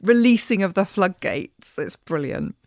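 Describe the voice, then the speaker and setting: Lively laughing woman guest. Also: mid-range voice, unhurried, dry recording, studio quality. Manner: warm, laughing, enthusiastic agreement. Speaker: podcast guest. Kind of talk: casual conversation.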